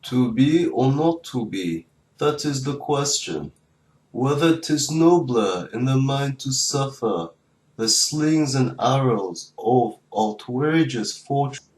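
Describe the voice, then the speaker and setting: A man voicing a grand, theatrical male stage actor who recites slowly and declaims. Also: medium pitch, expressive, darkish tone, roomy sound, low-quality recording. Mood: solemn.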